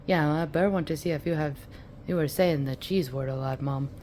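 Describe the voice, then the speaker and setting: A woman's voice: sits low, moderate pace, dark tone, slight background noise, pitched below the performer's own voice, lightly acted. A woman voicing her affectionate male pet dog, a loyal good boy, speaking to her in a home kitchen. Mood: teasing.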